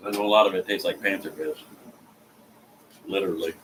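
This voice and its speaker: Casual vlogger, male, very low voice with a bright edge, laughs and swears a lot. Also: fairly even intonation, fairly quick, slight background noise, rough recording. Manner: chuckles often, swears freely, self-mocking. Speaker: vlogger chatting with live viewers. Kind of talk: casual chat, rambling storytelling.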